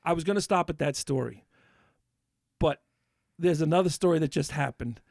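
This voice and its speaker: Ranting gravelly man, worked up. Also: a little high, normal speed, a little mellow, no echo, clean studio sound. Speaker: podcast co-host. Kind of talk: heated casual chat.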